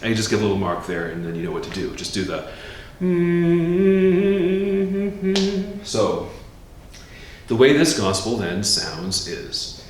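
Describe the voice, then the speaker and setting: A priest teaching how to chant a gospel, explaining casually and breaking into sung chant. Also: male voice, moderate pace, recorded from a distance. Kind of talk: informal chant lesson. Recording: very echoey room, faint rumble.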